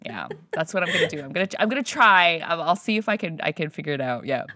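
A woman guest comedian chats in a relaxed, animated way, often breaking into laughter. Her voice is bright and sits fairly low, and the sound is dry and close. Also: dry recording. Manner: animated, laughing, quick asides. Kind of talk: casual interview chat.

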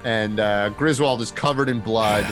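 A man's voice: fairly low pitch, measured pace, a bit bright. A man running a tabletop game as game master, narrating in a playful, laughing way. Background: music playing.

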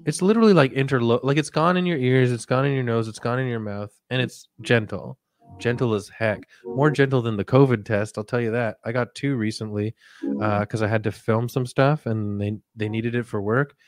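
A man hosting a comic sleep-story podcast, talking softly with drifting, rambling jokey asides. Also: mid-range voice, a little fast. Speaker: podcast host.

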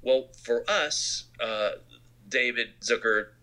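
An Arizona-born film director tells anecdotes in an interview, animatedly acting out the quotes. His voice is mid-range and slow.

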